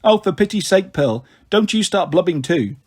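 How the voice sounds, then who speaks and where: A man's voice: high voice, lively intonation, normal speed. A man reading aloud, voicing a stern, fussy mother who scolds her daughters in a storybook. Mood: scolding. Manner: scolding, exasperated.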